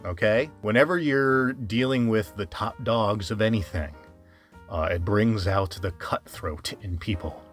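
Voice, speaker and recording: A man's voice: mid-range voice, fairly bright tone. A man giving a casual cartoon review as the channel's host. He rambles and restarts his sentences often, and he talks straight to his viewers. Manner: rambling, frequent restarts and fillers; chatty, addresses viewers directly. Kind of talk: casual commentary over a speedpaint.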